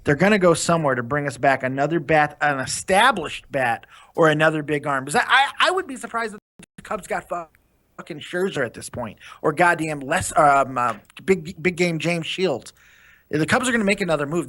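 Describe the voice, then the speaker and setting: A man in his thirties co-hosting a casual sports podcast, loud and profane like a hyped-up fan. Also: a little high, expressive, moderate pace. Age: 30s. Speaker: podcast co-host.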